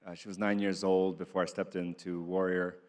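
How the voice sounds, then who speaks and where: A man speaking on a panel, reflective and halting as he talks about being a father. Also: deep voice, little pitch movement, a little mellow.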